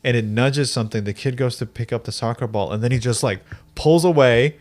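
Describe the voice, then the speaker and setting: A man's voice: medium pitch, a little fast, a little mellow. A young man co-hosting a podcast, telling stories in a rambling casual way with lots of fillers and swearing. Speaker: podcast co-host. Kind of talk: casual chat.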